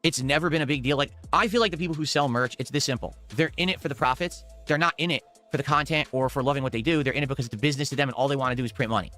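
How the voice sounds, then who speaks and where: Fast-ranting bright-voiced man streamer. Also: mid-range voice, soft background music. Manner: fast, heated, swearing rant.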